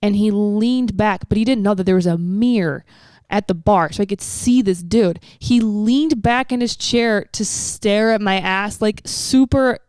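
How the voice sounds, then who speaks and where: A brash woman hosting a podcast, swearing freely and telling stories with animated slang. Her pitch sits at an ordinary middle for a woman. The recording is dry and close to the mic. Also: unhurried, clean tone, dry recording. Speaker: podcast host. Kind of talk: casual chat.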